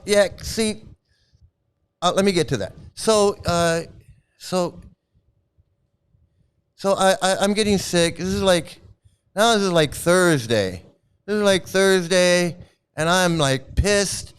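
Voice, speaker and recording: A man tells a long personal story in a loose, rambling way, chuckling often between thoughts. His voice sits a little high and sounds smooth and resonant. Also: slow, long pauses. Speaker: former member recounting his experiences.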